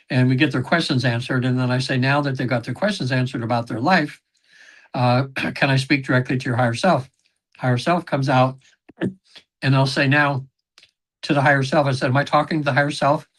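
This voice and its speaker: A man guest on a podcast, telling long rambling stories about his sessions, with many fillers, throat clearing and quoted voices. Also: medium pitch, a bit bright. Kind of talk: casual interview storytelling.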